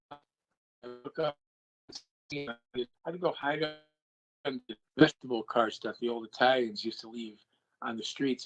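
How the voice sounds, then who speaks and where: Speaking in a medium-pitched voice over a rough recording, an older man on as a guest relates an anecdote from his own life. He tells it in a lively way, voicing the quoted dialogue as he goes.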